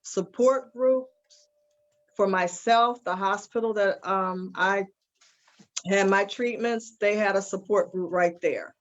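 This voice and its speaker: A woman's voice: mid-range voice, slow pace. A woman who survived breast cancer speaks earnestly on a video call, pointing listeners toward support groups. Her voice sits mid-range, and the call audio comes through dull and lo-fi. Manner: earnest, recommending resources. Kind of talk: panel discussion answer.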